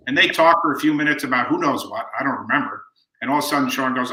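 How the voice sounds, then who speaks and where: A man in his fifties, a guest author telling family stories in a relaxed way and acting out the quoted lines. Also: medium pitch, quick pace. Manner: relaxed anecdotal storyteller who acts out quoted lines. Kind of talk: storytelling in conversation. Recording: roomy echo.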